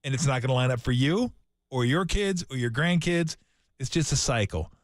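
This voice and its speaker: A man's voice: mid-range voice, expressive, moderate pace, no room sound. A man co-hosting a sports radio show, ranting emphatically in a mock-grumpy way during casual studio banter. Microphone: studio microphone.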